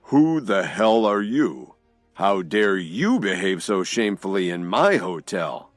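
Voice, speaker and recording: A man voicing an irritated hotel owner in an audio drama, shouting fiercely. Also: deep voice, sing-song, slow, no echo, soft background music, full character voice. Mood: angry.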